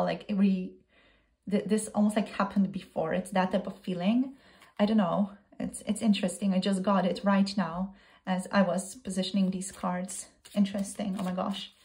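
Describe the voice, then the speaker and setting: A woman at a middle pitch reads tarot cards in a loose, spoken way. She thinks aloud, circles back over her words and breaks into excited exclamations. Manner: thinks aloud, repeats and restarts phrases. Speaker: tarot reader. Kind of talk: casual tarot reading to camera.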